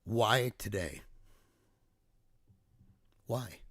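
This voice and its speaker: A man's voice: lowish voice, extremely slow, fairly bright tone, no room sound. A man speaking earnestly and emotionally in a personal video diary, recounting a family emergency as a father. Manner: earnest, emotional, reflective storytelling.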